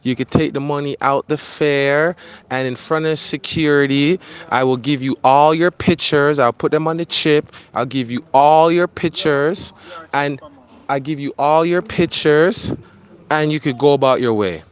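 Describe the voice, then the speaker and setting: A man's voice: fairly high pitch, measured pace, clear, resonant tone, dull audio. A man, a photographer, ranting insistently and pleading over and over in a voice note. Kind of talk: heated voice-note rant.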